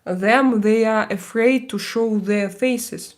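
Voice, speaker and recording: Woman chatting on her livestream, slow and rambly, lots of uhs. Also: fairly high pitch, a little mellow. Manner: chatty, many fillers and restarts, switches into mock-Spanish bits. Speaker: livestream host. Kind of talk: casual livestream chat with viewers. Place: home, doing makeup on stream.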